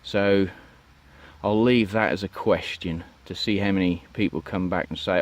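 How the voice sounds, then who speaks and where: Low-voiced man rambling outdoors. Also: steady tone, normal speed. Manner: rambling, chatty, lots of ums and "you know what I mean". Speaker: allotment vlogger. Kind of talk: casual walk-and-talk vlog. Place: outdoors on an allotment plot.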